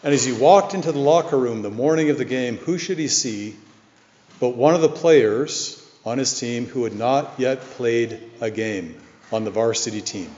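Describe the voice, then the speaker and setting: A man delivers an earnest, measured sermon, his voice ringing out through a long, echoing hall. The sound is muffled and lo-fi, like an older church recording. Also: mid-range voice, a little mellow. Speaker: preacher. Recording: echoey hall, dull lo-fi sound.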